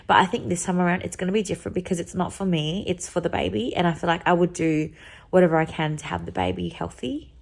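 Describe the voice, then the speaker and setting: A young woman vlogging straight into a handheld camera in a casual, rambling way. Her voice sits a little low. She fills her talk with "like" and "um" as she goes. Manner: chatty and rambling, heavy on "like" and "um".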